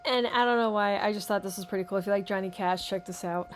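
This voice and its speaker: A woman's voice: mid-range voice, steady tone, fast talker, slight background noise. A woman hosting a podcast, chatting casually and wryly while reacting to clips. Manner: chatty, wry, addresses listener as honey. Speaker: podcast host.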